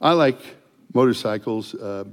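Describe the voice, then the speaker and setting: An older man, a street evangelist, telling testimony stories in an animated way and loudly acting out the dialogue. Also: medium pitch, unhurried, big-room sound. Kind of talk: storytelling testimony.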